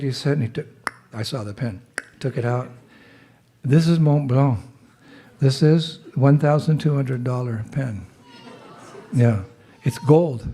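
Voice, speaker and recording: A man's voice: mid-range voice, slow, dark tone, husky. A man with a cold, speaking as a visiting monk, telling a chatty story to a temple gathering and leading call-and-response cheers. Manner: chatty storyteller with laughs, calls out jai responses. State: has a cold, clearing his throat. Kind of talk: informal talk to a temple gathering.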